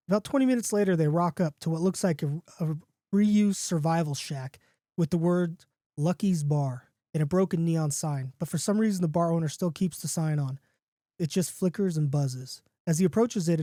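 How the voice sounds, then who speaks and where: Man telling a spooky story, dark dry voice. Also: a little fast, no echo. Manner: casual, animated, jumps to higher pitch for excited characters. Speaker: podcast host reading his own story.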